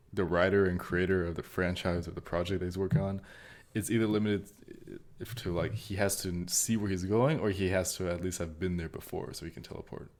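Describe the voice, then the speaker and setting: A young man co-hosting a casual podcast, rambling along and laughing at himself, sometimes trailing off softer. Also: sits low. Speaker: podcast co-host. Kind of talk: casual chat.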